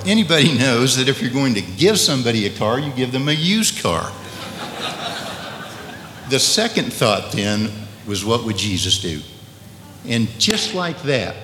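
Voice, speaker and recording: A man's voice: mid-range voice, fairly bright tone, slight background noise. Wry man telling a story in an echoey hall. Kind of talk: storytelling testimony. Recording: echoey hall, faint ambience.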